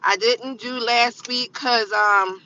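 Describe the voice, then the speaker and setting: A woman's voice: fairly high pitch, fairly even intonation, slow pace, bright, forceful tone, recorded from a distance, dull audio, slight background noise. A tired woman in her fifties, live-streaming from her car on the way to work and chatting casually as she repeats her phrases over and over. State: tired and yawning. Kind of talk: casual live-stream chat while driving. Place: inside a car on the road.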